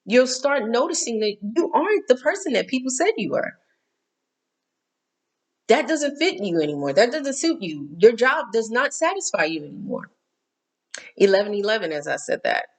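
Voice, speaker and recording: A woman's voice: a little high, very animated, normal speed. A middle-aged woman hosting a casual spiritual talk, candid and emphatic, repeating herself and cursing now and then.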